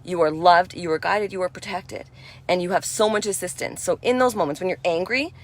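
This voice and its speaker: Gentle, reassuring woman giving spiritual talk. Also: on the low side, fairly quick. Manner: conversational, with frequent "you know". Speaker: spiritual speaker.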